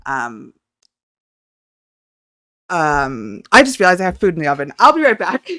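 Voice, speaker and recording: A young woman telling a story in a casual vlog at home, excitable and flustered, rambling and swearing as she goes. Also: deep voice, unhurried, no room sound, clean studio sound. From Canada. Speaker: vlogger.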